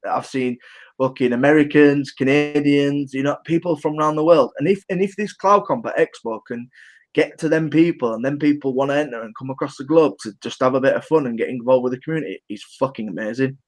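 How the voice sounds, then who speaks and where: A man's voice: medium pitch, fairly quick. A man co-hosting a casual podcast chat, rambling and swearing heavily. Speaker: podcast co-host.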